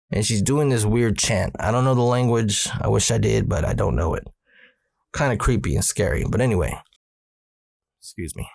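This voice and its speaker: A man's voice: mid-range voice, creaky, no room sound, clean studio sound. A man in his forties, a podcast host, casually retelling a personal ghost story with plenty of swearing. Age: 40s.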